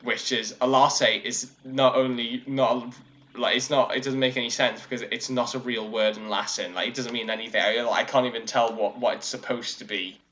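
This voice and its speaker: A man co-hosting a casual discussion podcast, explaining at length in a rambling, animated way, full of fillers and restarts. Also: medium pitch, normal speed. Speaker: co-host. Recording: lo-fi dull audio.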